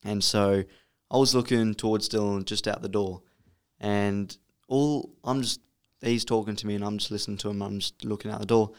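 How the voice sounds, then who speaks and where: A man in casual podcast chat, telling a story haltingly and repeating his words. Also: lowish voice, steady tone, clear, resonant tone. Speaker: podcast co-host.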